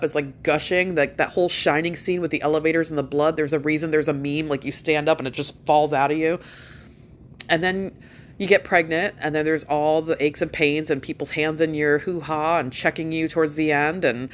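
A woman's voice: sits low, slight background noise. A middle-aged woman ranting casually to her followers, blunt and profane, with laughing asides. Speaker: vlogger. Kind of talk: casual rant to camera.

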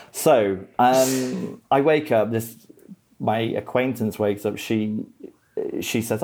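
A man's voice: medium pitch, slow pace, gravelly, long pauses, a little mellow, slightly rough. A young man in casual chat, telling a travel story with lots of swearing, laughter and stammered restarts.

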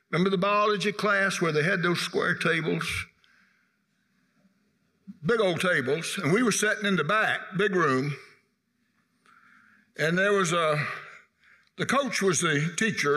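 A man's voice: high-pitched, pushed and bright. An older man, telling humorous stories in a church tribute, punctuated with amens. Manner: folksy anecdotes with amens. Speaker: guest speaker at a church anniversary. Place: church sanctuary. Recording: echoey church hall.

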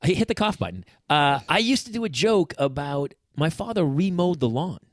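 Animated middle-aged man telling stories. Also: on the high side, normal speed. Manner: animated storyteller, acts out quotes loudly. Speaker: podcast host. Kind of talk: casual chat.

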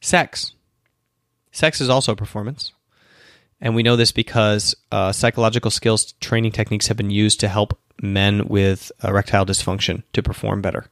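A man's voice: lowish voice, little pitch movement, normal speed, fairly bright tone, no room sound, studio quality. A man hosting a solo question-and-answer show, explaining at length with restarts and asides, tired and yawning early in the morning. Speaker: podcast host answering questions. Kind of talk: casual solo Q&A talk.

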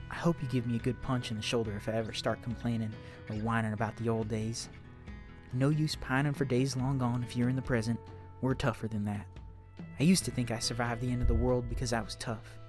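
A heartfelt Southern mother speaks to the child she hopes to meet, homespun and steady, put on by a man reading her letter. The voice sits at a middling pitch. A soft guitar plays faintly underneath. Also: lightly acted. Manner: folksy, heartfelt. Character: warm, tough southern mother writing to her unborn child. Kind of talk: reading a letter aloud in character.

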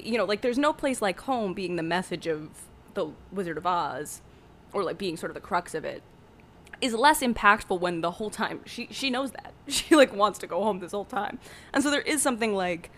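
A woman co-hosting a podcast, recapping a film in casual chat, giggling often and acting out the characters' lines in quick voices. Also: mid-range voice, a little hiss or hum. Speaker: podcast co-host.

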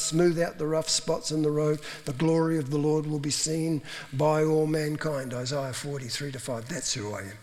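Man preaching a chatty sermon in a reverberant hall; acts out quoted lines. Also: fairly high pitch. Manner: conversational, acts out quoted voices.

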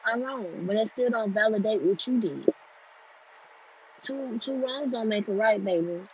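A woman with a mid-range voice and lively intonation gives a candid monologue on healing at normal speed. Blunt and profane, she repeats herself for emphasis, growing louder and more forceful as she goes, on a dull lo-fi recording with faint noise.

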